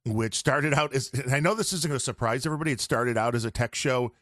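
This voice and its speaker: A man's voice: medium pitch, quick pace, a bit bright, no room sound, clean studio sound. A man guesting on a podcast, chatting casually and rambling on about audio gear.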